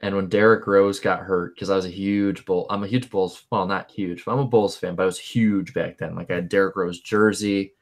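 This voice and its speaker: Young male co-host, low voice, casual, excitable, rambling. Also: fairly quick, few pauses. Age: young adult. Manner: animated, rambling, repeats words when excited. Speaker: podcast co-host. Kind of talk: casual chat.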